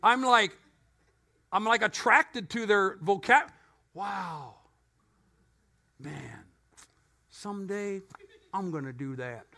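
A middle-aged male pastor preaching a sermon in a church, telling stories with animated energy and joking asides. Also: high-pitched, slow pace, creaky, long pauses.

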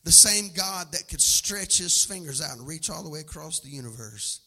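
High-pitched preaching pastor in a reverberant hall. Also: male voice, moderate pace, slightly rough. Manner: shouting, sing-song preaching cadence. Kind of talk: preaching a sermon. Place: church sanctuary. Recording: long hall reverb from a live church service.

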